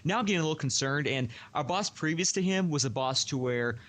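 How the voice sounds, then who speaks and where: A man with a slightly high voice tells a long work story on a podcast. He talks casually and animatedly, slipping into other people's voices as he goes. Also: quick pace. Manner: animated, acts out quoted voices.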